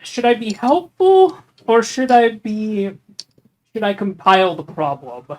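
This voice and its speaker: A player in a tabletop game, deliberate and playful in how they talk. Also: mid-range voice, lively intonation, a little mellow. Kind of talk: casual tabletop play.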